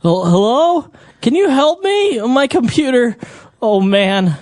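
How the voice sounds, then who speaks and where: A woman voicing a panicked, confused man calling tech support, in high, frantic, stammering bursts. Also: lively intonation, takes it slowly, a little mellow, no room sound. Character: panicked adult male caller, flustered and confused. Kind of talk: scripted role-play dialogue.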